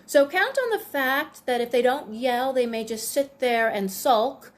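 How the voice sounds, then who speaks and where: Higher-voiced woman explaining in a casual monologue. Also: measured pace. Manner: conversational, many fillers, acts out quoted dialogue. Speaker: self-help video host.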